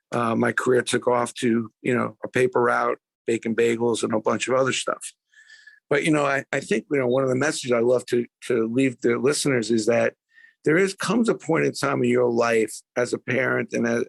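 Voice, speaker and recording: An older man from Brooklyn with a New York accent, telling stories in a lively way as a podcast guest. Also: mid-range voice, vocal fry, dry recording. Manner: animated storyteller who acts out quotes. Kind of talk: storytelling in a podcast interview.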